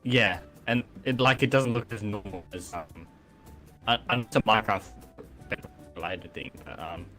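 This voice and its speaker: Low-voiced man, halting gaming chat. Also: sharp tone. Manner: halting, searching for words with many ums. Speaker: streamer testing a game mod. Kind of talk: casual gaming chat on a stream. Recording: faint music behind.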